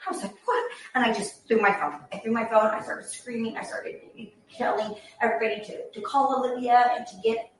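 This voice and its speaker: A woman's voice: a little high, steady tone, fairly quick, hardly any pauses, slight background noise. A middle-aged woman, a mother, recounting events emotionally, repeating herself and acting out the voices she quotes. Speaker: mother of a victim. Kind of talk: emotional retelling in an interview. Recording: echoey room from far off.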